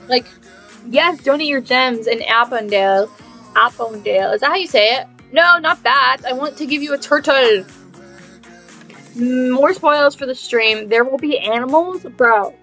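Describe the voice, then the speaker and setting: A woman's voice: high voice, a bit bright. A young woman live-streaming a game, chatting casually with a mock-dramatic, sarcastic delivery and lots of repeated phrases. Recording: faint music behind.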